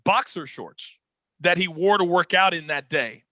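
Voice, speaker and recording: A man telling a dramatic story as an interview guest, energetic and expressive, on a close podcast mic. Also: sits high, a little slow, no room sound. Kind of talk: animated storytelling.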